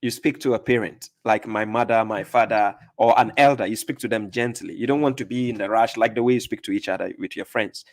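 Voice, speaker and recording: A man's voice: fairly low pitch, fairly quick, hardly any pauses. A man hosting a call-in religious debate, lecturing assertively and acting out examples. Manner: assertive, lecturing, acts out examples with sudden shouts and whispers. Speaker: host.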